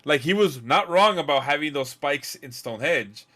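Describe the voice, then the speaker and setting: A man's voice: fairly high pitch, expressive, moderate pace, pushed and bright. A man co-hosting a casual chat, laid-back and joking with crude slang. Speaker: podcast co-host. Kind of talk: casual movie recap chat.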